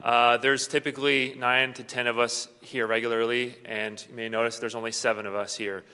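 Man, church host, bright voice, friendly welcome, reverberant hall. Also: medium pitch, flat delivery, brisk, smooth. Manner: upbeat, friendly address to the congregation. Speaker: worship service host. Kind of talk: church meet-and-greet welcome.

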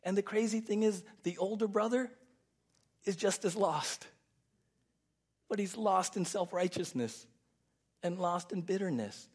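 Male pastor, sermon; emphatic, repeats key lines, voice a bit high. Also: unhurried, pauses often, breathy edge. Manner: emphatic and repetitive, drops soft and low for stress.

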